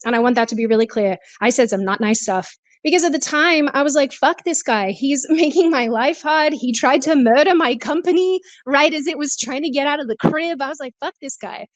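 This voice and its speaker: Woman spilling her side, stressed and a bit breathless, higher voice, dry sound. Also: fairly quick, hardly any pauses, no echo. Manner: emotional, confessional, laughs often. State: stressed, out of breath while walking. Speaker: guest. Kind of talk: candid conversation. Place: walking, then sitting, on a remote call.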